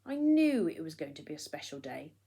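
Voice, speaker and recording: A woman reading a storybook aloud, voicing a kind, steady male teddy bear in a reassuring way. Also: deep voice, brisk, creaky, breathy edge, heavily acted.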